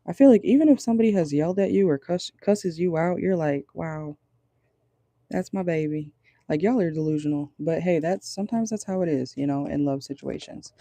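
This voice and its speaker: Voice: medium pitch, expressive, fast talker, few pauses, warm tone, no room sound. A tarot reader giving a casual channeled reading from a car, talking bluntly, swearing and laughing often. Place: parked car.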